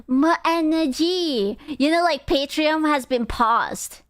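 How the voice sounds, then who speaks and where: A woman's voice: sits high, slow. A young woman streamer in casual chat, blunt and profane as she rants to her viewers.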